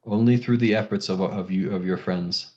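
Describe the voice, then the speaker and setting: A man voicing a calm, weary male water dragon in a tabletop game, speaking slowly and solemnly over a dull lo-fi recording. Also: low voice, natural voice.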